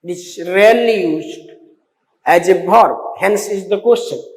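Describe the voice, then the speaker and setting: A man with a high voice teaches an exam-prep English lesson, going slowly and repeating phrases between fillers. He spells out words letter by letter. The sound is roomy, with a long reverb trailing each phrase. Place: classroom. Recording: echoey room with long reverb.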